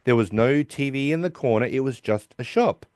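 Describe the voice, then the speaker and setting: A man's voice: mid-range voice, animated, normal speed, a little mellow, no room sound, clean studio sound. An Australian man hosting a podcast, recapping a TV episode in a loose, rambling chat and swearing casually. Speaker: podcast host.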